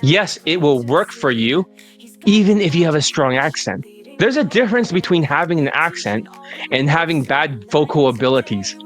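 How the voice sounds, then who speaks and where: A male dating coach giving an assertive sales pitch as he answers viewer questions, and at times building into a rant. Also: expressive, moderate pace, a bit bright, soft background music.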